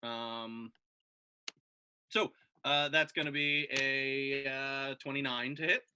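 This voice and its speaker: A man playing a tabletop game, calling out his rolls in casual chat and getting loud when excited. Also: medium pitch, slow pace, slight background noise. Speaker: player.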